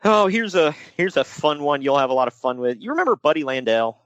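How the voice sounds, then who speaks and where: A man co-hosting a casual wrestling podcast, with a lively voice that rises and falls a lot. He jokes around and drops into mock voices, and the sound is dry and close to the mic. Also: on the high side, brisk, no room sound, muffled recording. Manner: jokey, animated, slips into mock voices. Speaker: podcast co-host.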